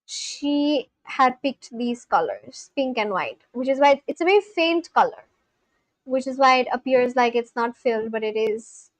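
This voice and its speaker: High-voiced gushing young woman streamer. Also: a little slow, dry recording, rough recording. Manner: gushing, exclaiming often. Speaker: livestreamer. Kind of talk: casual livestream chat.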